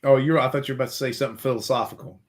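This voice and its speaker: A man hosting a casual podcast chat, animated and laughing often. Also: medium pitch, rapid-fire. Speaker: podcast host.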